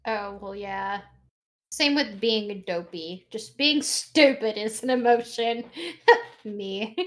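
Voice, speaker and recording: A woman's voice: mid-range voice, slow pace. A woman streamer chatting casually during a watchalong, giggling often and swearing freely.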